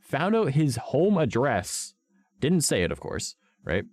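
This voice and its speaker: A man's voice: mid-range voice, wildly swooping pitch, measured pace, darkish tone, no room sound. A young adult man streaming, telling a story in casual chat, blunt and profane.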